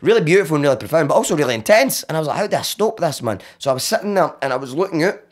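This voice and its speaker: A man with a Glaswegian accent, a podcast guest, telling a story with animated comic energy, swearing freely, laughing often and acting out the voices of the people in it. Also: a little high, very fast.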